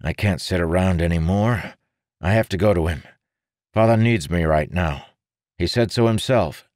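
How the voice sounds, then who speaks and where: A determined young nobleman with a firm, persuasive way of speaking, as a man reads him. The voice sits a little higher than the reader's own very deep tone, in a dry, close recording. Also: moderate pace, a little mellow, no room sound, lightly acted. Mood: earnest.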